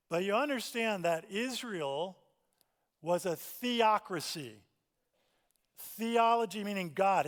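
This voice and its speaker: A man teaching a Bible class at church, animated and playful, acting out the quoted voices. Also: fairly high pitch. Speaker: pastor. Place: church sanctuary. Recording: long hall reverb.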